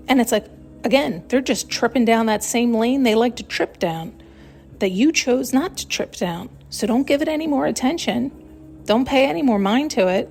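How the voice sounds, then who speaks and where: A woman's voice: a little high, normal speed, darkish tone, faint music behind. A woman hosting a podcast, talking in a rambling, blunt, casual self-help monologue and swearing freely. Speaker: podcast host.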